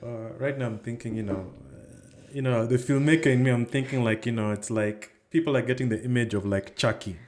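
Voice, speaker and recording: A man hosts a casual podcast interview. He speaks in a relaxed, easygoing way and fills his sentences with "you know.". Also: medium pitch, a little fast, hardly any pauses. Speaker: podcast host.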